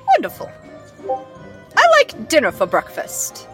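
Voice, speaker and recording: Bubbly high-voiced woman player. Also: wildly swooping pitch, unhurried, a bit bright, soft background music. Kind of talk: tabletop role-play in character.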